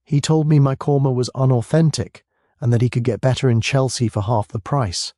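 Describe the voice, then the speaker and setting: A man voicing a polite, measured curry house owner who confides what he saw. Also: mid-range voice, steady tone, dark tone, dry recording, studio quality, close to an everyday voice. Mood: confiding. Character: calm middle-aged man running a curry house kitchen.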